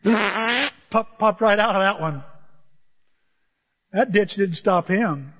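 A man preaching a sermon as pastor, animated and storytelling, acting out the voices of the people in his stories. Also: high voice, unhurried, long pauses, husky, in a large hall, lo-fi sound.

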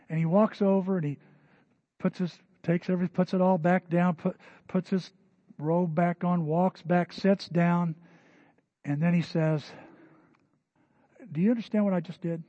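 A man preaching a sermon, telling a story in a lively way and acting out the voices of the people in it. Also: high-pitched, dry recording, dull audio. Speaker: pastor.

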